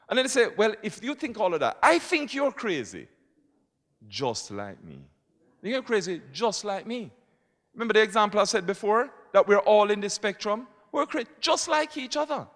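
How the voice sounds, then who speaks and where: A fairly high-voiced man addresses a conference audience as a poet and lawyer, his pitch rising and falling with lively emphasis. He swings from soft, low-key asides to punchy points. The sound carries a long reverberant tail from a large hall. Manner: expressive speaker who shifts between quiet asides and emphatic points. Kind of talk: public speaking.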